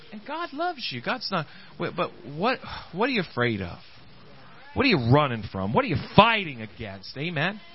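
Animated man preaching, high lively voice. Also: lo-fi sound. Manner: animated, halting preacher acting out quoted voices. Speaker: pastor. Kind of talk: sermon.

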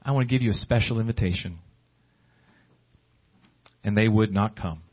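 A man preaching a sermon, swinging between high pleading exclamations and low hushed asides. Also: normal speed. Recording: dull lo-fi recording.

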